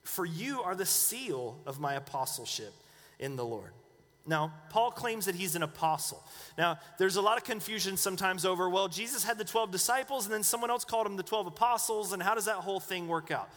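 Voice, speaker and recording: A man's voice: high-pitched, expressive, a little fast, fairly bright tone, long reverb tail. A man preaching a conversational sermon as pastor, asking the congregation questions. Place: church.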